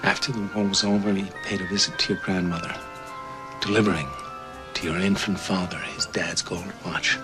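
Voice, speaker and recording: An actor playing an older army captain who tells a child a slow, measured war story in a film monologue. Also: male voice, deep voice, fairly even intonation, lightly acted. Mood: solemn. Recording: film audio with music underneath.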